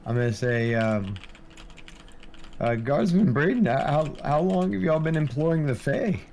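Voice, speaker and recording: A man playing a tabletop role-playing game, talking in a hesitant, halting way full of restarts. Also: fairly high pitch, expressive, darkish tone, slight background noise. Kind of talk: casual chat.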